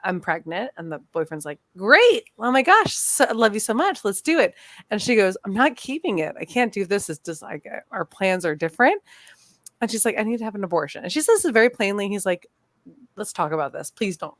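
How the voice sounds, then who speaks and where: A woman's voice: lowish voice, dry recording. A woman co-hosting a casual podcast, talking animatedly about horror movies and acting out characters' lines. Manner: animated, laughing, acts out quotes. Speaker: podcast co-host. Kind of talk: casual chat.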